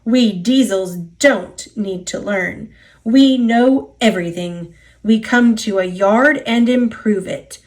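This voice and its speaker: A woman's voice: medium pitch, slow pace, a little mellow, lightly acted. A woman with an American accent voicing a smug, oily-voiced male diesel engine in a storybook reading. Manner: smooth purring, conceited.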